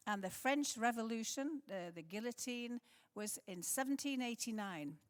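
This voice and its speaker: A middle-aged woman whose English has a slight Scottish tinge gives a chatty church conference talk, telling history with light humorous asides. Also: fairly high pitch. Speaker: conference speaker for a mission society. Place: large church hall. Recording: long hall reverb in a church.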